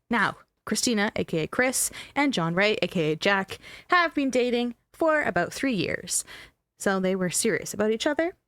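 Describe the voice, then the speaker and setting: A woman's voice: mid-range voice, fairly bright tone, no room sound. Woman host, chatty and emphatic, telling true crime on a dry close mic. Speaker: podcast host. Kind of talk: casual true-crime storytelling.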